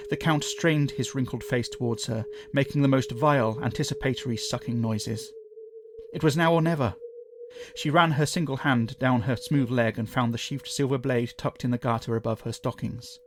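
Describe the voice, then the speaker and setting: A man narrating a scripted horror story in a measured, dramatic way. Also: medium pitch, slight background noise.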